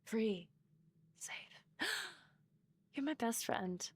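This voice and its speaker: A woman's voice: on the high side, expressive, very slow, breathy edge, no room sound. A woman streaming gameplay live, reading game text aloud and swearing as she talks to chat.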